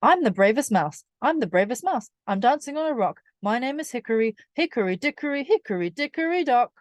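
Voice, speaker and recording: A woman voicing a cocky, brave young male wood mouse who talks loudly and scornfully in a storybook reading. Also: medium pitch, big pitch swings, moderate pace, no room sound, close to an everyday voice. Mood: sing-song. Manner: loud, boastful and scornful.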